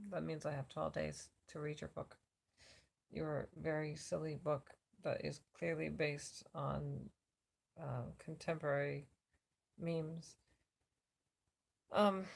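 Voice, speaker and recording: An exhausted woman vlogging from her cot on a phone camera, her worn-out voice a little slurred as she rambles with many pauses. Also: deep voice, vocal fry. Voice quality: slightly slurred. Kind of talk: casual check-in vlog. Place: lying on a cot at home.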